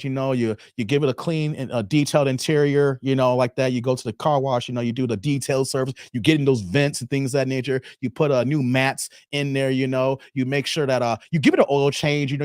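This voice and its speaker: A man's voice: mid-range voice, no room sound, studio quality. A middle-aged man hosting a livestream, reading chat comments and joking loosely with viewers.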